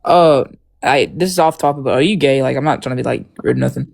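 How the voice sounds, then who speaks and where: A man caller with a gravelly, mid-pitched voice. He speaks haltingly in a casual debate, joking and restarting his sentences.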